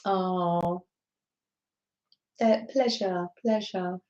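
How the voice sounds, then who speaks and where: Speaking very slowly in a lowish, steady voice, this middle-aged woman runs a craft live stream, reading viewer comments aloud and chatting with warm, friendly greetings. She sits at a craft desk indoors, and the recording is muffled with room echo.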